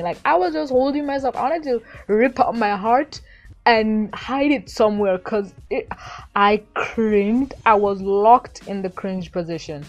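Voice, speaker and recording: A young adult woman casually reviewing a cartoon episode, excitable and gushing, acting out the characters' lines. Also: on the high side, unhurried, soft background music. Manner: excitable, gushing, acts out quotes.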